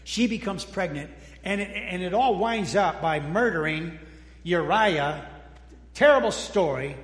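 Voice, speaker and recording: A pastor with a high, light man's voice delivers a folksy sermon in a church. He restarts his sentences, trades jokes with the listeners and sinks into hushed tones. The sound rings around a large, reverberant hall. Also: animated, unhurried. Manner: folksy and joking, with frequent restarts and sudden quiet drops. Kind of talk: conversational sermon. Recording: echoey hall with long reverb.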